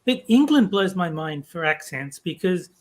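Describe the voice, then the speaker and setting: A man with a notably high voice chats on a podcast. He talks in a relaxed way and pauses with small hesitations as he works out his points. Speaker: podcast co-host. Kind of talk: casual chat.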